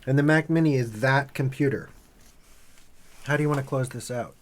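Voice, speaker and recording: A man's voice: mid-range voice, normal speed. A middle-aged man hosting a casual home unboxing vlog, patiently explaining things step by step with dry jokes. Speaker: vlog host and father.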